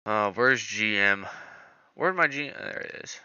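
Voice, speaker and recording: A man streaming live stock trading, talking through charts in a casual, excitable way. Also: on the low side, unhurried, clear, resonant tone, no echo, dull audio. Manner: excitable, groans over missed trades. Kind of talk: live market commentary.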